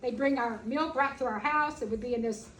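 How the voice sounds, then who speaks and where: Animated high-voiced woman telling a story. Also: fairly quick, low-quality recording. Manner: animated, folksy, emphatic. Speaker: animal sanctuary founder giving a talk. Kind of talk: personal storytelling speech. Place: festival stage.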